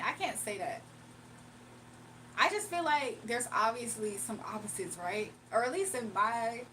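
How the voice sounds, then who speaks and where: A chatty woman hosts a casual livestream and reads viewer comments aloud. Her voice sits a little high, and she often breaks into giggles. A faint background noise runs under the recording. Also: fairly bright tone, poor audio. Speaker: livestream host reading chat.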